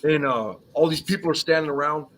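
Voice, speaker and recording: Bright-voiced man rambling through a story. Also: on the high side, a little fast, slight background noise, rough recording. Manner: rambling storyteller, says "whatever" often. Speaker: guest, former iron worker. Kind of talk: casual live-stream chat.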